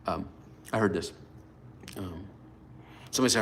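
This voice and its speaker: A man's voice: lowish voice, normal speed, a bit bright. A middle-aged man preaching a sermon, talking animatedly and acting out the voices of people he quotes. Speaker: pastor.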